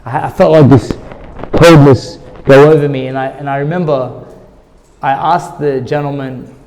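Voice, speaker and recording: A man's voice: mid-range voice, steady tone, moderate pace, a little mellow, in a large hall. A middle-aged man, a guest in an interview, earnestly telling a personal story and repeating words when he gets emotional.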